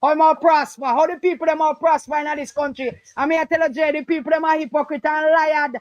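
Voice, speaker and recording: Fervent Jamaican Patois woman, high-pitched. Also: fairly even intonation, quick pace, no echo, muffled recording. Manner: fervent, emphatic, repeats points. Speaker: caller. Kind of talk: impassioned political call-in talk.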